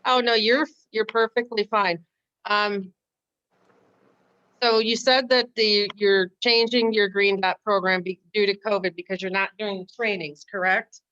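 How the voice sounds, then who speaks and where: Slow-speaking woman hosting a meeting. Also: mid-range voice, fairly even intonation, a bit bright, lo-fi sound. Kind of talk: moderating questions on a video call.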